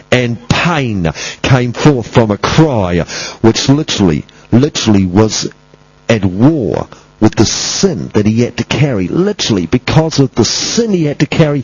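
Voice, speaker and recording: Male preacher, husky tone, emphatic and repetitive delivery, muffled lo-fi recording. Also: medium pitch. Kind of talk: sermon.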